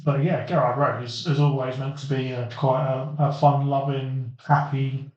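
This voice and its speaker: Male co-host, mid pitch, playful, muffled, distant, echoey. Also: level tone, moderate pace, a little mellow. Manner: playful, goading. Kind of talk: casual podcast chat. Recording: dull, roomy, distant mic.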